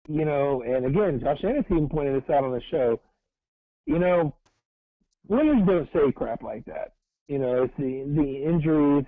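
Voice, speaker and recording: A man with a slightly high voice talks sports bluntly and wryly, dropping casual swears. His voice comes through thin and phone-like, dry and close, with no room sound. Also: dry recording. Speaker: sports podcast co-host.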